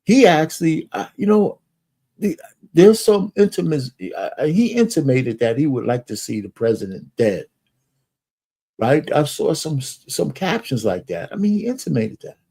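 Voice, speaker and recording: A man's voice: on the high side, sing-song, normal speed, creaky, warm tone, husky. A man giving casual, rambling commentary as he reacts to news clips, with many fillers and restarts.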